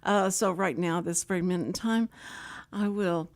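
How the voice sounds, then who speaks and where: A woman's voice: fairly low pitch, normal speed. An older woman hosting a local radio talk show, telling stories in a chatty way and acting out quoted dialogue. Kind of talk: casual chat with guests.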